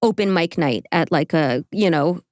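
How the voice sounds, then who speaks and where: A woman's voice: fairly low pitch, expressive, normal speed, darkish tone, no echo, studio quality. A woman hosting a podcast in casual chat, chatty and giggly, swearing freely. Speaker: podcast host.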